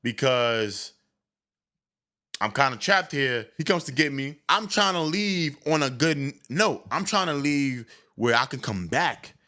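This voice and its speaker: A young man recounts an awkward episode from his past in casual comic storytelling. His voice has a bright, forward edge, and he talks candidly and with animation, often doubling back on his words mid-sentence. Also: mid-range voice, measured pace. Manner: candid, animated, with stammered restarts.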